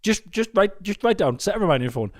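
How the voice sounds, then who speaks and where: Animated, fast-talking man. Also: sits high. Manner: animated storytelling, swears casually, teasing. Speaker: podcast co-host. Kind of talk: casual chat.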